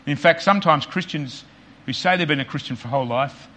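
A man preaching a sermon as pastor, earnest and repetitive for emphasis, often dropping quiet on key points. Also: on the high side, quick pace.

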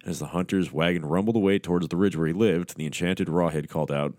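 Deep-voiced man reading horror with crude mockery. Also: fast talker, a little mellow, no room sound, clean studio sound. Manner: crude, mocking asides. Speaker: podcast host. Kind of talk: sardonic horror story reading.

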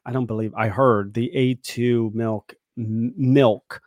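Man in his thirties, podcast co-host, animated and opinionated, dry close mic. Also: mid-range voice, slow pace, no echo. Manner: animated, opinionated, repeats words. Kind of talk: casual chat.

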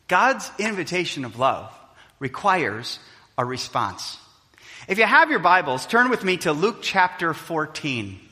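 Guy preaching a sermon, bright fairly high voice, goes big then drops way quiet, long echo in a church hall. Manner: dynamic preaching, swinging between loud emphasis and hushed quiet. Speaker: pastor. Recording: long reverb of a large hall.

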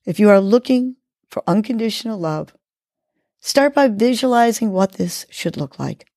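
A woman hosting a podcast, calmly guiding listeners through breathing exercises and affirmations. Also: mid-range voice, no echo, studio quality. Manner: slow, calm guiding delivery. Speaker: podcast host.

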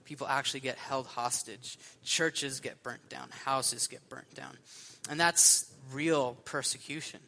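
Bright-voiced young man preaching casually. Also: mid-range voice, measured pace, creaky. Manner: casual, animated storyteller with many fillers. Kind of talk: sermon storytelling.

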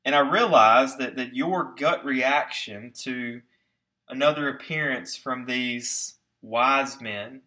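A man preaching a sermon with emphasis, slowing down to stress key words and putting rhetorical questions to his listeners. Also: medium pitch, bright, forceful tone. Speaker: pastor.

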